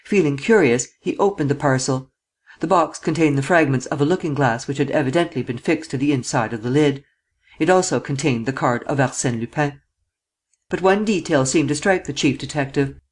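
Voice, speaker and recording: Casting note: measured male narrator for a classic mystery audiobook, raised pitch. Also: breathy edge. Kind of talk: scripted narration.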